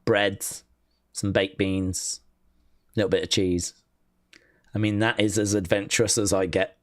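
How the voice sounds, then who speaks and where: A British man hosts a live stream watch-along, reading viewer comments aloud and bantering with them in a teasing, mock-outraged manner. His fairly low voice is flat and a little slow, recorded at studio quality with no echo.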